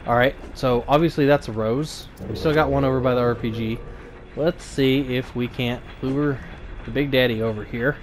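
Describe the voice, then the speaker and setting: A man giving a relaxed let's play commentary, thinking aloud in a flat, low-key way and often repeating small words. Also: normal speed, noisy background. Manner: low-key, flat delivery despite interest. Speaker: gaming channel host.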